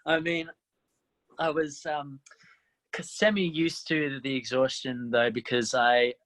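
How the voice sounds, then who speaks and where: Young male actor, twenties, lively guest who laughs a lot. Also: medium pitch. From Australia (Tasmania). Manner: animated, laughs often, quick bright laugh. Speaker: musical theatre actor, guest. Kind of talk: casual interview chat.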